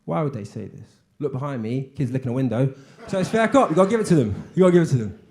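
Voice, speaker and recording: A man performs a stand-up set on a comedy stage, telling stories in a flat way and breaking into sudden shouted lines. His voice sits at an ordinary middle pitch. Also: very fast. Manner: deadpan storytelling with sudden shouted punchlines.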